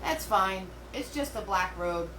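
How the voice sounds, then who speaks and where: A woman's voice: mid-range voice, lively intonation, measured pace, pushed and bright, distant mic. A middle-aged woman teaching a live painting class in a chatty, rambling way, full of fillers and restarts. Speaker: painting instructor. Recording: roomy, from away from the mic, faint hum.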